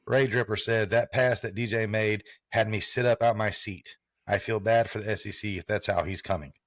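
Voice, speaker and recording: A man's voice: fairly low pitch, steady tone, normal speed, no echo, studio quality. A man co-hosting a sports podcast, chatting loosely and casually with plenty of swearing. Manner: loose, profane, laid-back banter. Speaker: podcast co-host.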